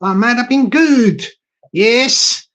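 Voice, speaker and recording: A man's voice: extremely high pitch, expressive, slow pace, fairly bright tone. A Scottish man live-streaming from his phone, chatting jokily in a put-on American accent and repeating his phrases. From Scotland. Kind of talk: casual live-stream chat.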